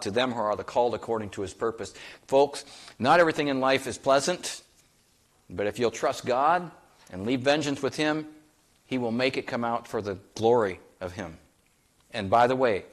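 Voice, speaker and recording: A pastor with a medium-pitched voice delivers an emphatic sermon. He fires many rhetorical questions at his listeners and quotes scripture in old-fashioned language.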